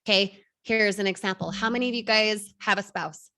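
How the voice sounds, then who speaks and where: A woman in her thirties coaching an online class, energetic, firing rhetorical questions at the audience. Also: medium pitch, brisk. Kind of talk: motivational class talk.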